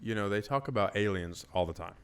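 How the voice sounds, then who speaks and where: A young man co-hosting a podcast in relaxed casual chat, laughing along and asking questions. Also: fairly low pitch, quick pace, smooth. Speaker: podcast co-host.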